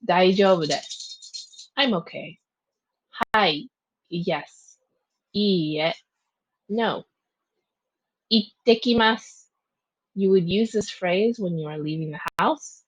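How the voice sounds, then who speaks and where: A woman teacher giving a slow, clear recorded vocabulary review, pausing between each word and its translation. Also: lowish voice, dry recording. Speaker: Japanese teacher. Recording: dull, muffled lo-fi sound.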